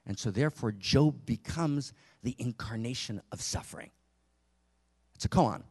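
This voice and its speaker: A man's voice: mid-range voice, moderate pace, a little mellow, slightly rough. A man giving an impassioned spiritual teaching talk to a live audience in a room, asking many rhetorical questions.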